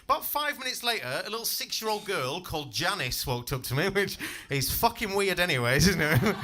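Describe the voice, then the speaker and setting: A man's voice: high voice, very animated, moderate pace, pushed and bright, a little hiss or hum. A man in his twenties doing a stand-up comedy set on a club stage, cheeky and self-deprecating, swearing freely and bantering with the crowd. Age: 20s.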